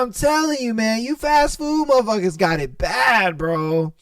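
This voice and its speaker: A man's voice: very high voice, animated, measured pace, a bit bright, no echo, far from the mic. A young man hosting a podcast, telling funny customer stories in a casual, profane way and laughing as he goes. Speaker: podcast host. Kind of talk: casual storytelling monologue.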